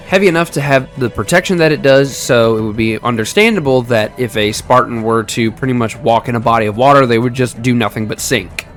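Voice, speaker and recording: A man's voice: mid-range voice, lively intonation, a little fast, fairly bright tone, faint music behind. A man in his twenties giving casual, chatty gaming commentary, laughing often as he explains. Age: 20s. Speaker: gaming YouTuber.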